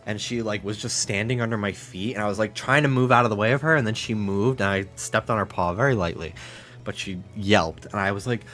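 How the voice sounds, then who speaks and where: A man streams a game from his home office, talking fairly quickly in a fairly bright tone. He chats casually, swears freely, and coos to his dog in high baby talk.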